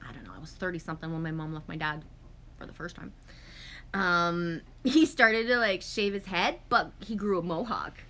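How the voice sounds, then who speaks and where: On a livestream, a woman in her forties chats casually, reading viewer comments aloud and rambling through lively stories full of swearing and acted-out quotes. Her voice sits lowish and she speaks at a moderate pace.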